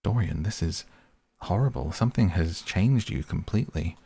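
A man's voice: low-pitched, lively intonation, normal speed, creaky, dark tone, breathy edge, no echo, heavily acted. A man reading the part of an earnest, grieving male painter in a sleep story, speaking in a pleading, reproachful way. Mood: pained, reproachful.

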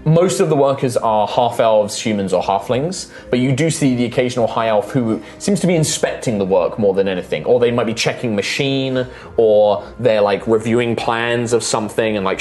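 A man narrating a tabletop game as game master, relaxed and full of fillers. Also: lowish voice, a little fast, faint music behind. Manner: relaxed, many fillers like "um" and "kind of".

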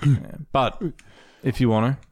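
A man's voice: mid-range voice, steady tone, moderate pace, darkish tone, a little hiss or hum. An Australian man hosting a podcast and reading listener questions, laid-back and hesitant. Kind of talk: casual podcast chat.

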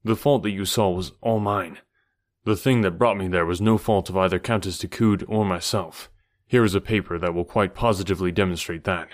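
A man voicing a calm, noble jungle-raised gentleman in an audiobook, speaking in a grave, measured, courteous way. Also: low voice, close to an everyday voice. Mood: reassuring. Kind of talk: audiobook character reading.

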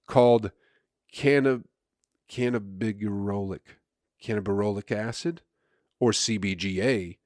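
A man's voice: fairly low pitch, a little slow, long pauses, a little mellow, no room sound, clean studio sound. A male comedian hosting his own podcast, rambling in a crude, sarcastic way with mock self-importance. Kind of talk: casual solo podcast monologue.

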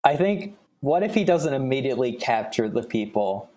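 A young man co-hosting a podcast, thinking aloud in a relaxed, casual way. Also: medium pitch, normal speed. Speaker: podcast co-host. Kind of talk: casual brainstorming chat.

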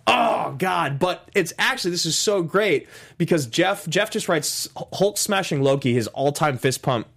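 A man hosting a casual podcast chat, jokey and animated, steering the talk between topics. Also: fairly high pitch, moderate pace. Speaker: podcast host.

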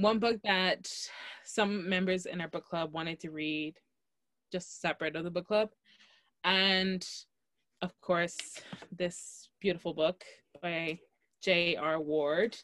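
A young woman co-hosting a podcast, telling a story in a lively, laughing way and acting out what people said. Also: fairly low pitch, no room sound. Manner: animated, laughing, acts out quotes. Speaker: podcast co-host. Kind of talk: casual storytelling chat. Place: Los Angeles.

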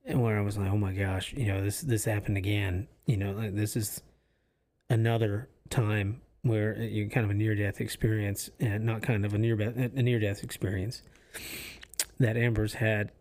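A man's voice: on the low side, level tone, normal speed, a little mellow. A man co-hosting a faith podcast in casual chat, speaking earnestly and reflectively, often stopping and restarting his sentences. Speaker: podcast co-host. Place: office used for recording podcasts.

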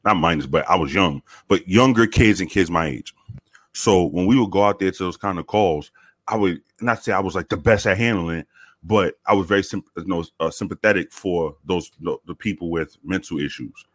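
A former police officer tells a story in a low voice at a fairly quick clip, laid-back and casual, swearing freely and acting out what people said. He gets animated when quoting others. The sound is dry and studio-clean.

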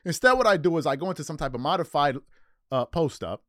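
A man hosting a casual sports podcast, animated and mocking as he riffs. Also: a little high, quick pace, no echo, clean studio sound. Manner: animated, mocking impressions of others. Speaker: podcast host.

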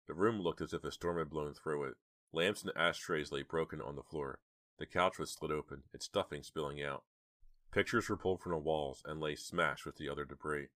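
A man narrating a horror audiobook in a steady, measured storytelling manner. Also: rumbling low, no room sound, studio quality.

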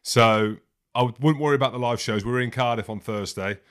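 A man's voice: medium pitch, fairly quick, a bit bright, clear, resonant tone. A man co-hosting a rugby podcast with teasing banter in casual chat. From Scotland.

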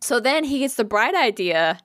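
A woman co-hosting a casual chat, telling a funny story in an animated, profane way with bursts of laughter. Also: on the high side, normal speed, dry recording.

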